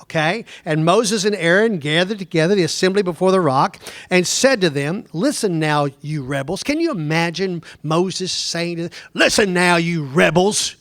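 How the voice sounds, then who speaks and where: Middle-aged man, Bible lesson lecturer; high-pitched, conversational, quizzes the room, dry close recording. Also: expressive, moderate pace, few pauses, fairly bright tone, no room sound. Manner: conversational, digressive, asks the class questions. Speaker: Bible teacher.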